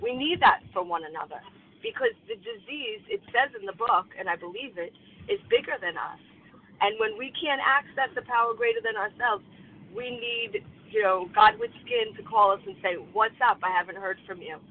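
A woman sharing at a twelve-step phone meeting, speaking in a halting, emotional way. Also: on the high side, big pitch swings. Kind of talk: personal share on a phone meeting. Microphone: phone call. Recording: tinny phone line.

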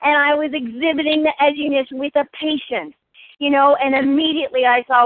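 A woman's voice: high voice, steady tone, fairly quick, no room sound. A woman sharing personally at a recovery meeting, earnest and full of rhetorical questions. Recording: phone-like dry line.

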